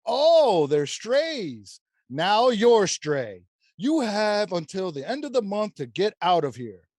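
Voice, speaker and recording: A man doing a grumpy, raised-pitch landlord with a fake Eastern European accent, scolding and repeating himself at full volume. He swings his pitch widely and drags some words out slowly. It's a comedic script read over a podcast mic. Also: sing-song, darkish tone, full character voice. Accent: put-on Eastern European accent. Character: grumpy male landlord fed up with a tenant's cats.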